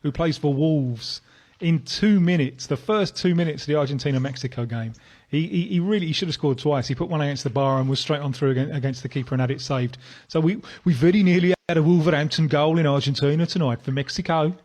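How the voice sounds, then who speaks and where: A man discussing football on the radio in a measured, analytical way, with frequent stammered restarts. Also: on the high side, a little mellow. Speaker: studio pundit.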